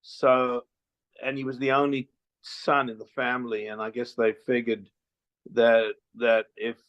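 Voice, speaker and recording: A man's voice: medium pitch, little pitch movement, unhurried, a bit bright, poor audio. An older man from South Africa with a mixed South African accent, a guest on an interview show, telling rambling, bawdy, joking stories over a remote call line. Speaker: guest filmmaker. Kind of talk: casual interview chat.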